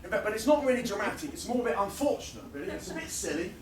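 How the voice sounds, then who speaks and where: A man performing comic spoken-word poetry live at a festival, rhythmic and building into rapid-fire lists. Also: high voice, sing-song, a little hiss or hum. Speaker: performance poet. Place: fringe festival venue, live audience. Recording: roomy sound from a distant mic.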